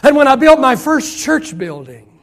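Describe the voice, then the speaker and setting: A middle-aged pastor preaches with a strikingly high voice for a man. He swings from loud, shouted emphasis down to soft, hushed asides. He stretches key phrases out slowly to press them home. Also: sing-song. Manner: drawn-out, slowed phrases for emphasis. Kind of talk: sermon.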